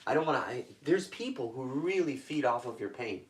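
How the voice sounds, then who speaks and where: A man's voice: medium pitch, animated, far from the mic, slight background noise. Blunt, profane man in an echoey room. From Toronto, Canada. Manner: blunt, profane, rapid street talk. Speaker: guest. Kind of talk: intense personal storytelling.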